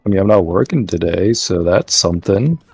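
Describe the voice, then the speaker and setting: Deep-voiced man, teasing and dry. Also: animated, a little fast, darkish tone, breathy edge, faint music behind. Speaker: co-host friend. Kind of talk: casual banter.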